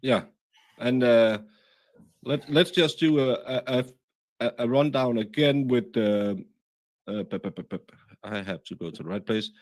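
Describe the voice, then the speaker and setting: A man hosts a casual livestream in a halting way, full of fillers as he reads out viewer comments. His pitch sits in the middle for a man. The recording is dry and close. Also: no echo. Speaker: livestream host.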